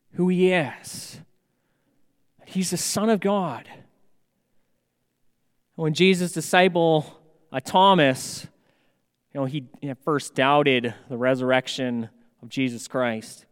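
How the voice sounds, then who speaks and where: A man preaching a sermon as pastor, slow and measured, with emphatic rises on key words. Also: on the high side, clean tone. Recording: long hall reverb.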